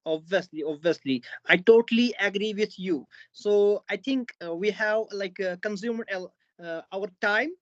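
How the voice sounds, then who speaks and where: A woman's voice: mid-range voice, moderate pace, dry recording, dull audio. A Kashmiri woman with an Indian English accent practicing conversational English, speaking hesitantly with many fillers. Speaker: English learner.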